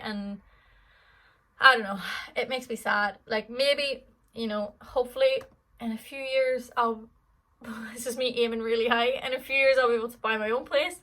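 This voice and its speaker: A woman's voice: on the high side, fairly even intonation, moderate pace, fairly bright tone, rough recording. An Irish woman in her twenties answering fan questions in a casual vlog, rambling and chatty with lots of fillers. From Ireland.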